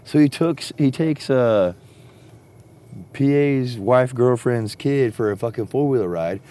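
A man's voice: medium pitch, lively intonation, unhurried, dark tone. Rambling, profane man at a campsite. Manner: rambling, heavily profane storytelling. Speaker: camper telling stories. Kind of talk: casual chat. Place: outdoor campsite.

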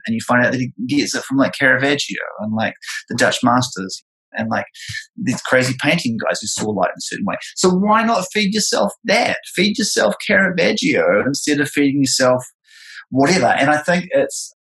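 A young man in casual chat, rambling and animated, with many filler words. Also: medium pitch, moderate pace, low-quality recording. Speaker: photographer and former music producer.

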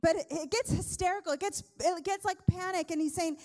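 High-voiced woman pastor preaching with humor. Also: fairly quick, few pauses. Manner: lively, conversational preaching with humor and many restarts. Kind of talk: sermon.

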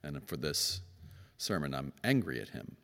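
A man's voice: sing-song, moderate pace, gravelly, a bit bright. A man preaching a conversational sermon, telling the story in his own words and acting out the people in it with big swings of voice. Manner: conversational, acts out quoted voices, emphatic swings in pitch. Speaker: pastor. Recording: long reverb of a church hall.

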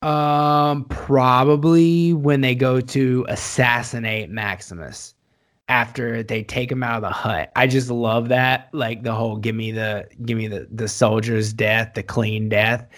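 A man co-hosting a casual movie chat, excitable and profane, his voice jumping up when he gets worked up. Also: a little slow. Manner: excitable, swears a lot, voice jumps high when excited. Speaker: podcast co-host.

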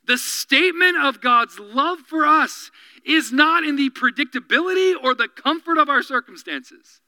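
A man preaching a sermon as pastor, animated, dropping to quiet intense asides and acting out quoted voices. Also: on the high side, no room sound, poor audio. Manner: acts out quoted voices and dialogue.

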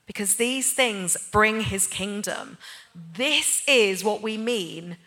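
A woman preaches to a church gathering in a bright, crisp voice. Her delivery is personal and conversational, and at times it builds into impassioned, emphatic appeals. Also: medium pitch, lively intonation, slow. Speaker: church speaker, head of a neighbour-love ministry. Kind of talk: sermon.

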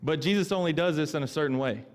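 A man's voice: fairly high pitch, fast. Conversational man preaching a sermon. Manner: conversational, repeats himself, acts out quoted voices. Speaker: pastor.

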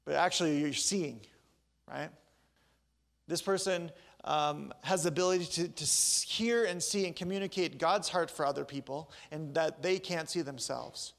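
Casual male pastor, thirties, gravelly, loose and joking sermon delivery. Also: fairly high pitch, normal speed, fairly bright tone.

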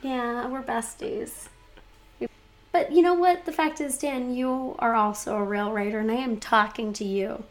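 Female podcast co-host, slightly high voice, breezy and teasing. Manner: chatty, playful, quick to tease. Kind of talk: casual chat.

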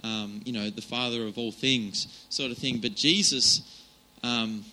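Man, casual sermon, chatty, filler-heavy, very bright voice. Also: medium pitch, steady tone, measured pace, a little hiss or hum, rough recording. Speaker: preacher. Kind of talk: informal sermon.

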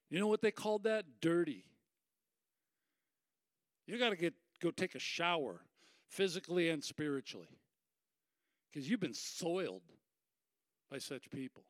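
Animated high-voiced male preacher, dry sound. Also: no echo. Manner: animated, acts out quoted voices with sudden high pitch jumps. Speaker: pastor. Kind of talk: sermon.

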